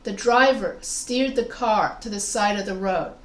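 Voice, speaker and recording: The audio is roomy, and the woman's voice is mid-range. She's a writing instructor giving an online grammar lesson, explaining slowly step by step with examples and asking students questions.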